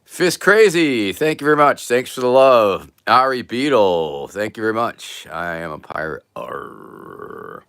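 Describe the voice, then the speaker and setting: A man's voice: medium pitch, animated, normal speed, few pauses, a bit bright, smooth, dry recording. A man hosting a casual livestream, reading viewer names aloud and answering them with dry jokes. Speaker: livestream host.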